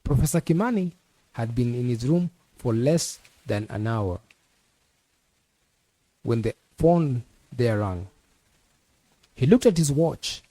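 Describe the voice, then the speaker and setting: A man, a teacher, reading a novel aloud as an audiobook in a measured storytelling manner. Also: medium pitch, expressive, mellow, no echo. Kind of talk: audiobook narration.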